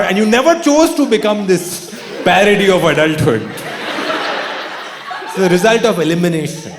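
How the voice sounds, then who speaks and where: Deadpan stand-up comedian in an echoey hall. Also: male voice, a little high, noisy background. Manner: dry, deadpan delivery with sudden outbursts and mocking put-on quotes. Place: theatre stage before a laughing audience. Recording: echoey live hall with audience. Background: audience laughter.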